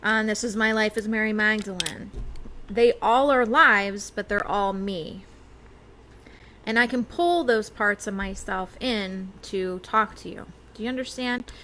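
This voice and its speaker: A woman's voice: medium pitch, a little slow, pushed and bright. Chatty woman on a webcam, faint room noise, casual spiritual talk. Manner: chatty, with many fillers and small laughs. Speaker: psychic medium host. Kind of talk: casual livestream chat.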